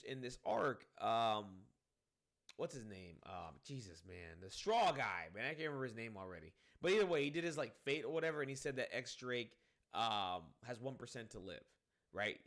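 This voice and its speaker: Rambling, swearing man reviewing comics. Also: medium pitch. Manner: rambling, animated, swears freely, many fillers. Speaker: manga reviewer. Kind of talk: casual spoken chapter review.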